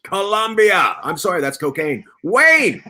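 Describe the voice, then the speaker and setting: A man's voice: high-pitched, big pitch swings, unhurried, sharp tone. A man hosting an online comedy panel show over a video call, laughing often and hyping up his guests. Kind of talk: playful game-show hosting.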